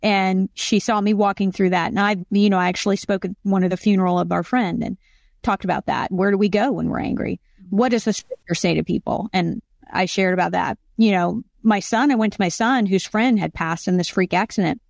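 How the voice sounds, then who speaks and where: A woman's voice: mid-range voice, a little fast, vocal fry, no echo, studio quality. Earnest middle-aged woman podcast host. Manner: earnest, affirming, frequent mm-hmms. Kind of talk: casual Christian podcast interview.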